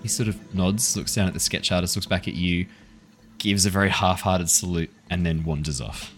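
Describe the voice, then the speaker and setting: A man's voice: deep voice, steady tone, normal speed, a bit bright, faint music behind. A man narrating a tabletop roleplaying game as dungeon master, often laughing as he describes the scene.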